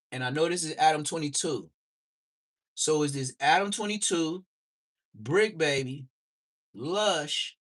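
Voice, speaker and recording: Man from Southern California, livestream host, slangy and loose, bright tone, pitch all over the place. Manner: animated, slangy, laughs a lot. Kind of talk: casual livestream reaction chat.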